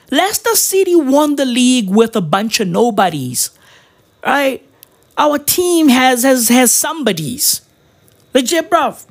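A man ranting about his football club in a casual, slangy style, swearing and tagging his lines with "right?" and "bruv". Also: very high-pitched. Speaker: football fan vlogger.

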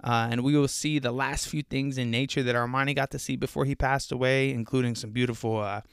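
Young man, podcast host, casual faith talk, rambling and earnest, smooth clear voice, dry close sound. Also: medium pitch, fairly even intonation, brisk, dry recording. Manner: rambling, earnest, lots of fillers and restarts. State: slightly out of breath.

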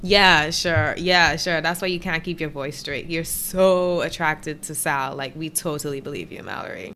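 A woman's voice: deep voice, normal speed. A woman co-hosting a podcast, recapping a reality show in a teasing, giggly, mock-exasperated casual chat. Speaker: podcast co-host.

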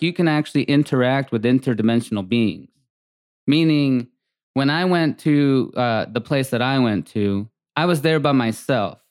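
Rambling man with a smooth voice. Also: mid-range voice, dry recording, clean studio sound. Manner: rambling, animated storytelling with many fillers. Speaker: podcast co-host. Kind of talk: casual chat.

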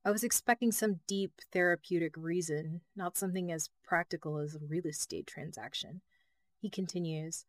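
A woman's voice: on the low side, steady tone, normal speed, no room sound. A woman, the author, reading her novel as first-person audiobook narration, intimate and emotional, on a close mic.

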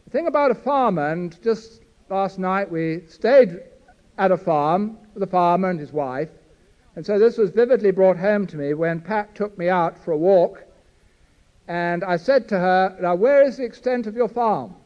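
Older male preacher, high-pitched and earnest; stacks up lists, stumbles over his words; dull lo-fi recording. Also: a little slow. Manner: earnest, builds long lists, stumbles and restarts often. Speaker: Anglican priest and preacher. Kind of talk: sermon to a live gathering.

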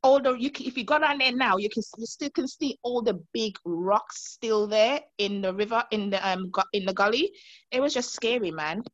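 A woman's voice: a little high, normal speed, dry recording, dull audio. A woman from Montserrat telling an interviewer about a frightening day, acting out the voices of the people in her story. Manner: animated storyteller, acts out quoted voices. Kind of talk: emotional personal recollection.

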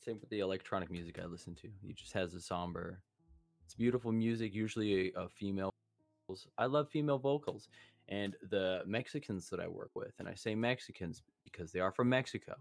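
A young man talks in an easygoing, meandering way on a casual podcast, often pausing mid-sentence to find the right word. His voice sits on the low side. The sound is dry and close, with faint music underneath. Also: vocal fry, no room sound. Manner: easygoing, rambling, searches for words. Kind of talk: casual chat.

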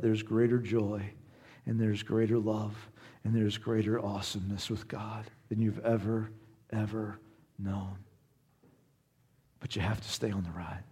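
A man's voice: lowish voice, warm tone, husky. A man from Southern Indiana preaching a sermon as pastor, conversational, earnest and encouraging.

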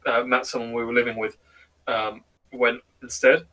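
A young man co-hosts a laid-back podcast, wandering through stories with plenty of ums. His voice is husky and mid-pitched, and it sounds slightly distant from the microphone. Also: level tone, normal speed, a bit bright. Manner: rambling, hesitant with ums. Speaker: podcast co-host. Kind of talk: casual chat with friends.

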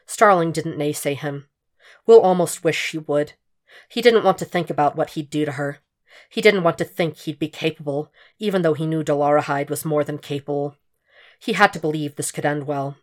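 Low-voiced woman reading a story aloud. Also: normal speed. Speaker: fan fiction reader. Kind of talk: audiobook narration.

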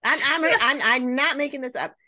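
A woman's voice: sits high, fairly even intonation, fairly quick, sharp tone. A woman hosting a casual chat and telling a story, peppered with "right?" and "like". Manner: chatty, many fillers like "right?" and "like". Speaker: podcast host.

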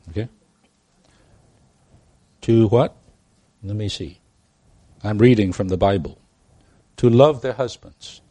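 This is a man preaching a sermon in an even, middle-pitched voice. He speaks emphatically and stumbles into repeated restarts. He keeps turning to the congregation with rhetorical questions. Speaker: pastor.

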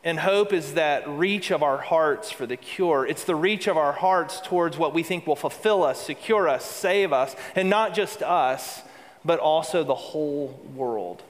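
A man's voice: a little high, measured pace. A man preaching a sermon to a congregation, earnest and building to emphatic peaks with repeated phrases. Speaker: pastor. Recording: long hall reverb.

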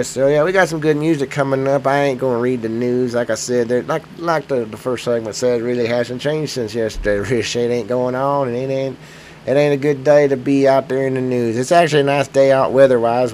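A man hosting a podcast while sick with a cold, his voice sitting at an ordinary middle pitch. He rambles and jokes his way through it with self-mocking asides, and a faint hiss sits behind him. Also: fairly even intonation, fairly quick, a little mellow. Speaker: podcast host. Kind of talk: casual rambling podcast chat.

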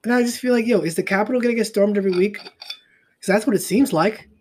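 A man's voice: high-pitched, quick pace, a little mellow, slight background noise. A young man hosting a solo podcast, talking in a profane, rambling way and trailing off into mutters. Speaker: podcast host. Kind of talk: casual solo podcast rant.

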